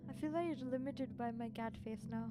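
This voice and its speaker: A woman's voice: fairly high pitch, brisk. A young adult woman streamer chatting casually with viewers, rambling and peppering her talk with "like". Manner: rambling, chatty, full of "like" fillers. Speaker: virtual streamer. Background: music.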